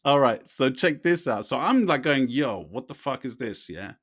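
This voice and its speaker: A man, co-hosting a podcast and telling a long story in a lively way, often asking "you know what I mean". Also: mid-range voice, normal speed, no echo, studio quality. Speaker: podcast co-host. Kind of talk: casual storytelling chat.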